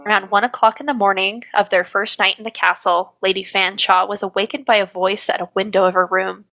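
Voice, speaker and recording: A woman co-hosting a podcast, reading a history segment in a steady storytelling manner. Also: medium pitch, fairly quick. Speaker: podcast co-host.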